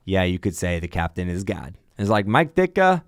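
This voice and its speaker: A man's voice: sits low, normal speed, clear, resonant tone, no echo, clean studio sound. A man who flies for an airline, chatting in a podcast and telling emphatic stories about flying. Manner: animated storyteller, emphatic. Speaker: airline pilot guest. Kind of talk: casual podcast chat.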